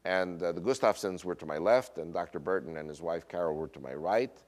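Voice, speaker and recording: An American man with a Northern US accent telling a personal story in a lecture, quoting others and often pausing on fillers. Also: deep voice. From United States. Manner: animated retelling with quoted voices, frequent uh fillers. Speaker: speaker.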